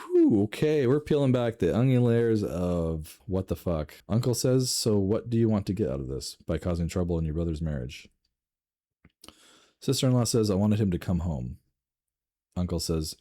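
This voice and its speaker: A man reading online stories aloud and reacting with laughs, swearing and sudden jumps in pitch. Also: mellow. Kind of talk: casual reading and commentary.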